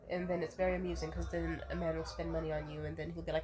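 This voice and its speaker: A woman's voice: low-pitched, flat delivery, racing, darkish tone. A young woman ranting bluntly and profanely to camera in a casual vlog, restating points as she goes. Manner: repeats herself to restate points. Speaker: vlogger.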